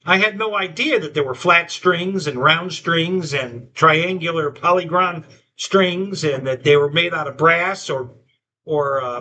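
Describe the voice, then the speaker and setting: Male stream host, rambling storyteller, high and bright-toned. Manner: rambling storyteller, many restarts, quotes himself and others. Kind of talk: casual live-stream chat.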